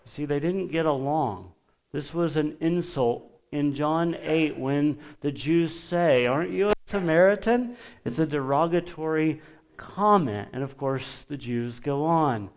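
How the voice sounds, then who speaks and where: Slow, deliberate male preacher. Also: a little high. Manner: deliberate, emphatic, with pauses; lifts his voice for quoted scripture. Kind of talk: sermon.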